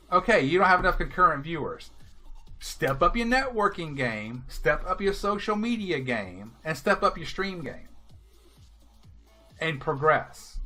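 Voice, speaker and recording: A man streaming live, giving viewers blunt, animated advice in casual talk. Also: on the high side. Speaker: game streamer.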